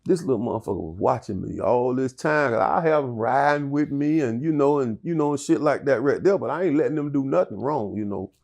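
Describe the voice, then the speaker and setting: Gravelly middle-aged man telling his story. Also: medium pitch, animated, fairly quick, few pauses, a little mellow. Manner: profane, rambling, with many restarts. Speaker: interview guest. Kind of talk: candid storytelling interview.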